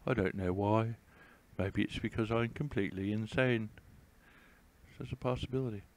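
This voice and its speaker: A man's voice: fairly low pitch, normal speed. A man hosting a casual live stream, reading headlines aloud with rambling, jokey, self-mocking asides.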